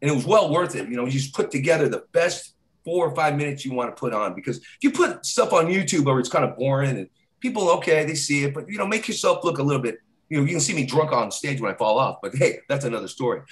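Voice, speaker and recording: Rambling comedian telling road stories. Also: male voice, mid-range voice, lively intonation, quick pace. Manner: rambling, constantly adds "right?"; laughs while telling stories. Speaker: stand-up comedian guest. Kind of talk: casual rambling storytelling.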